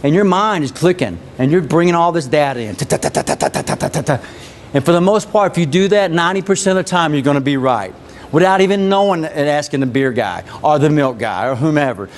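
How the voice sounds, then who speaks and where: A man leading a live sales training, coaching his team with repeated phrases and questions to the room. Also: on the high side. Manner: energetic, repetitive coaching, asks the audience questions.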